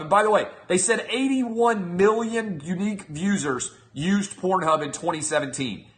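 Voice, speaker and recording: A man's voice: sits high, bright, forceful tone. A middle-aged man hosting a show, delivering a mocking, incredulous comedic rant to his audience. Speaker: show host. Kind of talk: comedic monologue.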